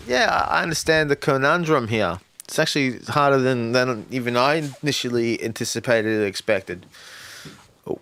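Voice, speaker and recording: A man's voice: medium pitch, moderate pace, fairly bright tone, clean tone. A man hosting a casual livestream who brainstorms rap lyrics aloud, muttering and repeating lines as he works them out. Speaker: livestream host and rapper.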